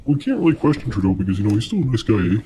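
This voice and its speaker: Animated man bantering over noise. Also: mid-range voice, rapid-fire. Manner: loose, laughing banter. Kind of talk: casual chat.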